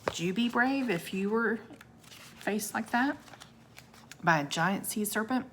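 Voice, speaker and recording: A woman reading a children's book aloud like a teacher, unhurried and expressive, with asides to her young listeners. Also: mid-range voice, a little hiss or hum. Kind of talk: children's storybook read-aloud.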